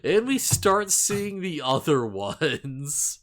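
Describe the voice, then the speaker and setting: A man's voice: fairly high pitch, very animated, drawn-out words, fairly bright tone. A man chatting casually as a co-host of an anime review show, rambling with lots of fillers and upbeat asides. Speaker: podcast co-host. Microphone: face cam with desk mic.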